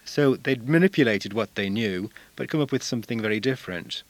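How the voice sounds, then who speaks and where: A male language teacher giving a measured, explanatory talk on using songs in class, now and then singing short examples. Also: lowish voice, expressive, dry recording.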